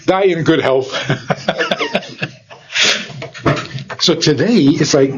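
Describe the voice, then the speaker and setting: A man's voice, a rabbi teaching informally, slightly higher than most men. He talks slowly and with a lively, swooping pitch, tossing out rhetorical questions and chuckling. The sound is a bit dull and lo-fi. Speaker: rabbi and lecturer.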